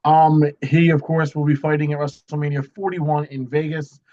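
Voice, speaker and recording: A man co-hosting a casual chat, talking in a relaxed, matter-of-fact way that trails off. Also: a little high, moderate pace. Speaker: co-host. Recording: muffled lo-fi audio.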